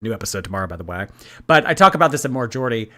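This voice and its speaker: Chatty, animated male streamer. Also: on the low side, very fast. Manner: animated and gossipy, laughing often. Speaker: livestream host reading viewer chat. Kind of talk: casual livestream chat.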